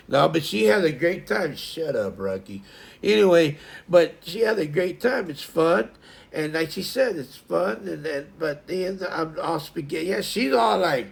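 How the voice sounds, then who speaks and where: A man's voice: fairly high pitch, animated, a little slow, vocal fry. A man hosting a casual morning livestream, chatting to viewers in a rambling way and often restarting his sentences. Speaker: livestream host.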